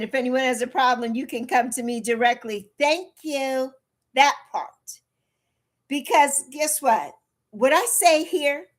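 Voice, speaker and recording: A woman in her early sixties chatting bluntly on a livestream, repeating herself for emphasis and answering her chat. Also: high voice. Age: 60s. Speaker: livestream host.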